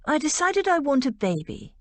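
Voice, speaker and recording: A woman's voice: high voice, big pitch swings, normal speed, no room sound, voice pushed up. A woman voicing a spirited, defensive young Regency lady who speaks emphatically and stubbornly.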